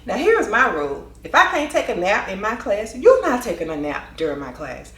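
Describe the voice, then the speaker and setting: Lively woman storyteller with a swooping, expressive voice and a dramatic delivery; roomy echo. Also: mid-range voice, moderate pace. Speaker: vlogger and former teacher. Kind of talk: animated storytelling.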